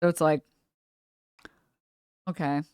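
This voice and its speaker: A woman's voice: low-pitched, fairly even intonation, takes it slowly, darkish tone, smooth, dry recording, studio quality. A woman streamer chatting casually, rambling with lots of fillers and trailing off mid-thought. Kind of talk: casual live-stream chat.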